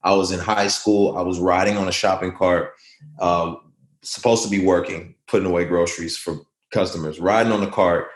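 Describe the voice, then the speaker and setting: A man's voice: low voice, steady tone, normal speed, echoey room. A man speaking as an interview guest, earnest and reflective, telling stories in a conversational way.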